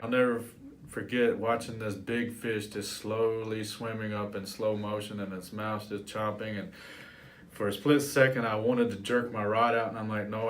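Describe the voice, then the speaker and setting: A man working as a life coach, telling a personal story to camera in a lively, animated way. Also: lowish voice, a little hiss or hum. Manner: animated storyteller, acts out his childhood voice.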